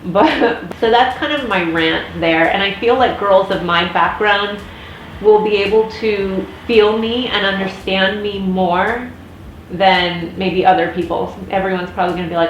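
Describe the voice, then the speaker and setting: A woman's voice: mid-range voice, measured pace. Chatty American woman ranting in an echoey room. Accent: General American. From United States. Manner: chatty, frequent restarts and fillers. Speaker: vlogger. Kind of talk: casual rambling vlog rant. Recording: echoey room with faint noise.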